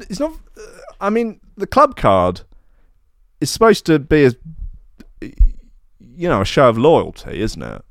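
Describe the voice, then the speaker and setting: A man's voice: lowish voice, no room sound, clean studio sound. A man hosting a comedy podcast, rambling through sardonic asides and restarts. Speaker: podcast host. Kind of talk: casual comedic podcast monologue.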